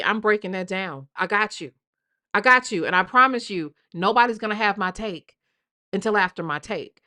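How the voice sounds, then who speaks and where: A woman hosting a live stream with a bright, forceful voice. She talks in a casual, blunt gossip style, swears freely and keeps asking her viewers "okay?" and "right?". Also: lowish voice. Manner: blunt, profane, repeats "okay?". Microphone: live stream mic.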